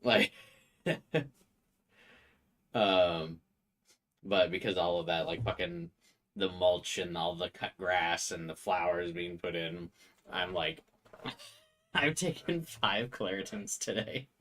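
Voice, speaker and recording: A man's voice: deep voice, little pitch movement, slow pace, long pauses, a bit bright. A young man with a congested nose, chatting casually and rambling while playing a game, with game music behind him. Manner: rambling, swears casually, many filler likes. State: congested from allergies. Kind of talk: casual gameplay chat.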